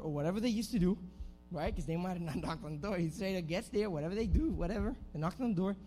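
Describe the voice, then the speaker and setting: A man preaching a lively youth sermon in slangy, animated storytelling that speaks straight to the crowd. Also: sits high.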